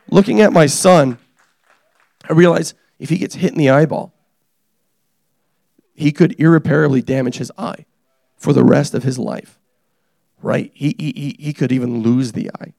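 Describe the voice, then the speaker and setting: A young man preaching a casual, energetic sermon, joking and teasing the congregation as he tells stories about his family. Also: fairly high pitch, normal speed, gravelly, long pauses, no echo, studio quality. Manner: animated, joking, self-deprecating. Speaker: pastor.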